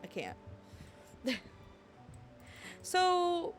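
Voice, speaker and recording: A woman streaming a game live, chatting casually with her viewers in a playful, excitable way. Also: extremely high pitch, very slow, faint music behind. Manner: playful, excitable, jokes with chat. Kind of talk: casual live-stream chat while gaming.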